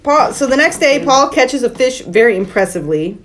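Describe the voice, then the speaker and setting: A woman's voice: sits high, expressive, a little fast, fairly bright tone, a little hiss or hum. A woman co-hosting a podcast, recapping a movie plot in casual chat and getting exasperated when she is interrupted. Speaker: podcast co-host.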